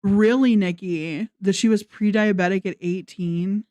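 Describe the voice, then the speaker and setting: A woman's voice: medium pitch, fairly even intonation, a little slow, warm tone, dry recording. A woman ranting in a casual commentary vlog, sarcastic and mocking, swearing often. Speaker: commentary vlogger.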